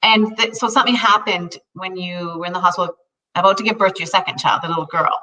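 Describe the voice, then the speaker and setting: Bright-voiced woman host, off-mic. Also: fairly low pitch, quick pace, distant mic, low-quality recording. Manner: warmly prompting, reacting with short affirmations. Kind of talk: casual interview.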